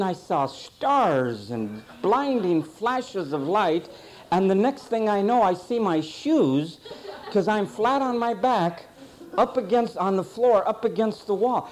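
Animated man preaching in a warm voice. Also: high voice, a little slow, slight background noise. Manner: folksy storytelling, tells a childhood anecdote; lively, swings between loud and quiet. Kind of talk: sermon.

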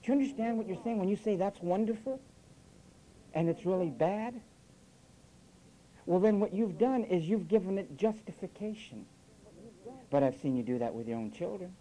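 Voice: medium pitch, animated, normal speed, long pauses, dark tone, a little hiss or hum, poor audio. A preacher delivering a sermon with sarcastic asides, mimicking the phrases he criticises. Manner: sarcastic, mocks quoted phrases with acted voices.

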